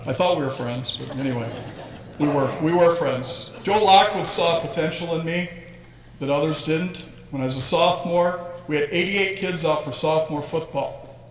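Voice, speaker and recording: In an echoey hall with faint ambience and a little hiss or hum, a man in his sixties delivers a storytelling induction speech that's humorous and self-deprecating. His pitch is fairly high and his pace moderate.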